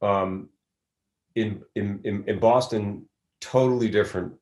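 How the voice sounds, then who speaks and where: A man's voice: lowish voice, fairly even intonation, a little slow, a little mellow. A middle-aged man from Philadelphia, an actor giving a casual interview, rambling through stories with many restarts. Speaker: actor guest.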